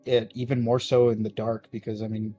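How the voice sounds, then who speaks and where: A man's voice: medium pitch, flat delivery, fairly quick, muffled recording, soft background music. A man co-hosting a casual podcast, trading crude jokes and banter. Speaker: podcast co-host.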